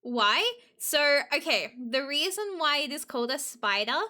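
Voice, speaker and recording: A woman's voice: high-pitched, expressive, moderate pace, pushed and bright. A young woman chatting casually to her live-stream audience, giggly and emotional. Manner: giggly, emotional, talks to chat.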